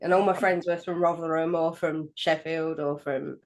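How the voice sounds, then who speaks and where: A man's voice: fairly high pitch, steady tone, moderate pace. A man from southern England co-hosting a podcast, chatting casually and joking at his own expense. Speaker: podcast co-host. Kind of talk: casual chat.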